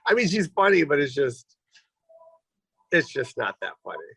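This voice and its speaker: A man with a gravelly voice joins a live interview as a comedy guest. His sound is dry and close, and he answers playfully. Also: fairly high pitch, very animated, fairly bright tone, no echo. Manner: playful, quick one-word answers.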